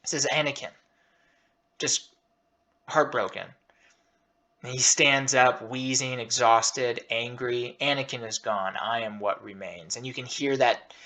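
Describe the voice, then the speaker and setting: A man's voice: medium pitch, fairly bright tone. A man hosting a scene-by-scene breakdown, talking casually and enthusiastically over clips, emotional and rambling with restarts. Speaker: host reviewing a show scene by scene.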